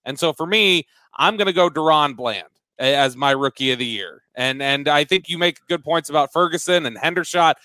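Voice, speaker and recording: Bright-voiced man hosting sports talk. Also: fairly high pitch, normal speed, few pauses, no echo. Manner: hesitant restarts, list-like segment hosting. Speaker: podcast co-host.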